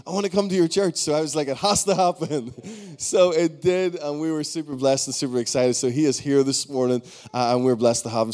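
Fast-talking man with a mellow voice. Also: mid-range voice. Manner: excited, laughing storytelling. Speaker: pastor introducing guest. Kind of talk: storytelling introduction. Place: church.

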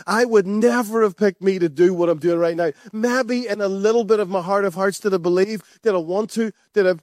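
High-voiced preacher, emphatic and repetitive. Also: male voice, a little mellow, no echo, clean studio sound. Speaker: pastor. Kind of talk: sermon.

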